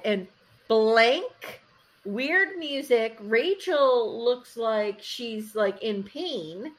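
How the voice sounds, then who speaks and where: With a slightly high voice and a slow delivery, this podcast co-host runs through a reality show recap in relaxed conversation. She performs the quotes with animated storytelling and uses "like" frequently.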